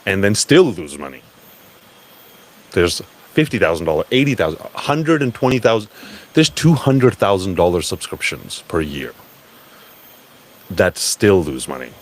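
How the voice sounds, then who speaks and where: A man giving a blunt, profane, animated live talk at a crypto event. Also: low-pitched, measured pace, pauses often.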